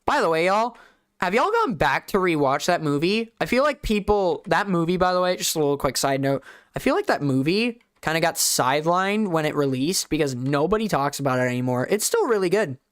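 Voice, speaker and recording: A streamer with a light Southern US lilt chats loosely through live commentary, rambling and poking fun at themselves. The voice is smooth and resonant. The sound is close and dry. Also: mid-range voice, expressive, a little fast, no room sound. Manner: chatty, rambling, self-deprecating.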